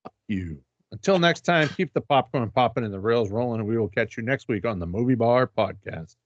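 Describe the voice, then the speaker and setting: A man's voice: mid-range voice, expressive, a little fast, highs cut off, a little hiss or hum. A man co-hosting a podcast in casual, profane, joking chat. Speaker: podcast co-host.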